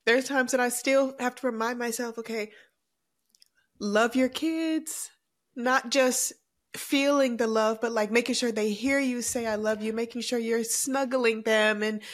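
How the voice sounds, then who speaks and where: A woman's voice: a little high, fairly even intonation, measured pace. A woman in her thirties talks earnestly on a podcast, her words reflective and open. The tone is casual and heartfelt, with feeling close to the surface. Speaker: podcast co-host.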